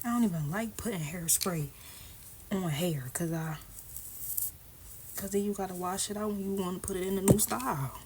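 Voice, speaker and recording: A woman's voice: lowish voice, normal speed, pauses often, background noise. A woman vlogger chatting casually and candidly while she does her hair, often dropping into a half-whisper. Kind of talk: casual chat.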